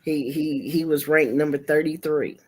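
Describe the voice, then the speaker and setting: Animated, profane middle-aged woman storyteller. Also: low-pitched, moderate pace, slightly rough. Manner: animated, profane, jumps into quoted voices. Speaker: livestream host. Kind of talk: casual storytelling chat. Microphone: streaming setup mic.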